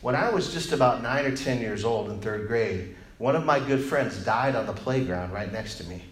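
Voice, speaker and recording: A man in his forties preaching a sermon, an animated, joking storyteller who drops quiet and low for prayer and grief. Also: normal speed. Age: 40s. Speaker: pastor. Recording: echoey room sound.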